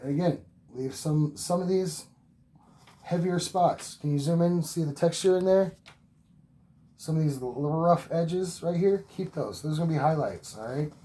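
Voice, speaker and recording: This man's voice is on the high side yet dark in tone, moving at a moderate pace. As a painting instructor, he talks viewers through each oil stroke in a repetitive, encouraging manner, now and then moving off the mic, with faint background noise present.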